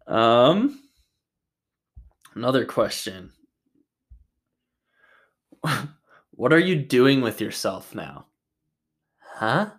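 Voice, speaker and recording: A young man from Utah reading out and answering viewer questions in a loose, rambling way. He talks slowly but his pitch swings a lot, and he drops profanity and jokes as he goes. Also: big pitch swings. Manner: rambling, jokey, swears a lot. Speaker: vlogger. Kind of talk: casual Q&A vlog.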